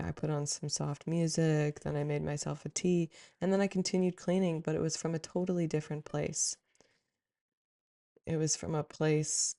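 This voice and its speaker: Woman, spiritual vlogger, heartfelt rambling talk, flat even delivery. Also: low-pitched, gravelly. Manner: meandering and heartfelt, frequent "like" fillers. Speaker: spiritual content creator. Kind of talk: reflective spiritual talk to camera.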